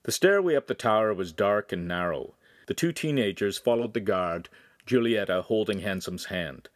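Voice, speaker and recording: A man reading a young adult novel aloud in calm, scripted narration. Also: on the low side, normal speed, no room sound, clean studio sound. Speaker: audiobook reader.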